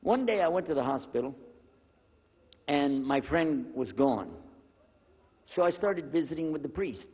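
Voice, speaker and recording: An older man telling a personal story to an audience, lively and acting out the dialogue in a husky voice. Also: a little high, measured pace, long pauses. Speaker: speaker telling his conversion story. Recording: dull lo-fi recording with long hall reverb.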